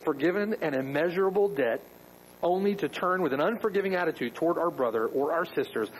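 A man's voice: fairly high pitch, expressive, a little fast, a little hiss or hum, low-quality recording. A man preaching a sermon as pastor, emphatic, with rhetorical questions.

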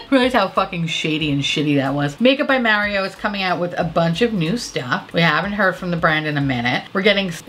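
Woman beauty vlogger, a bit tipsy, blunt and profane, bright, sharp voice. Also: fairly low pitch, a little hiss or hum. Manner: candid, swears a lot. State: a little tipsy from drinking. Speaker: beauty vlogger reviewing makeup releases. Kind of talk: casual chat.

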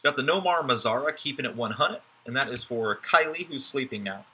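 A man's voice: medium pitch, expressive, brisk, bright, forceful tone, husky. A man hosting a live card break, giving chatty, joking running commentary as he opens packs.

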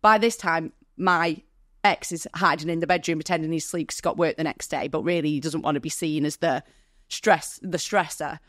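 A woman's voice: deep voice, steady tone, brisk, no room sound, clean studio sound. A woman, a podcast guest, telling her own story candidly and emotionally, acting out what people said. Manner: candid, vivid retelling with quoted dialogue; emotional, near tears. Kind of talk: personal storytelling in an interview.

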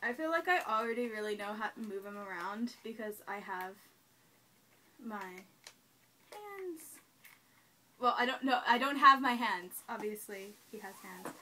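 A young woman who gushes excitedly and chats to her new doll while unboxing it on camera, kneeling on the floor at home. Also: medium pitch, moderate pace, slight background noise. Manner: gushing, excitable, talks to the doll. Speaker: doll collector vlogger. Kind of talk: casual unboxing chat. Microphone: camera mic.

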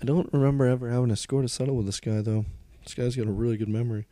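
A man's voice: medium pitch, steady tone, very fast, mellow, dry recording. A man playing through a strategy game, commenting as he goes and swearing a lot as he complains about the game's unfairness. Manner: profane, grumbling, calls out the game's unfairness. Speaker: let's play gamer.

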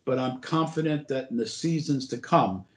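A man's voice: medium pitch, moderate pace. An older man who is a former borough president, telling stories as an interview guest in a rambling way, with lots of "uh" and restarts. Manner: rambling anecdotes full of "uh" and restarts. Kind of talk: casual interview storytelling. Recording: roomy echo.

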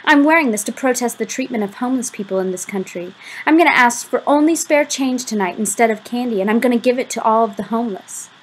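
A woman voicing a cool, dismissive teenage girl in an audiobook reading, with a breathy voice. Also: fairly high pitch, fast talker, hardly any pauses, low-quality recording. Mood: earnest.

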